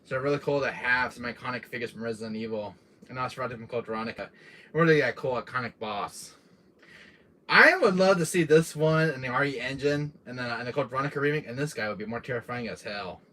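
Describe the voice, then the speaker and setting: A man's voice: mid-range voice, fast talker, sharp tone. A young man chatting casually on a live stream, rambling with lots of fillers and restarts. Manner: rambling, many fillers and restarts, laughs often.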